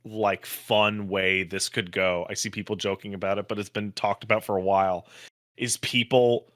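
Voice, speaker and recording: A man's voice: fairly low pitch, steady tone, normal speed, fairly bright tone. A man in his late thirties co-hosting a podcast in casual banter, emphatic and swearing. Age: 30s. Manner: emphatic, swears, trails off mid-thought. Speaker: podcast co-host.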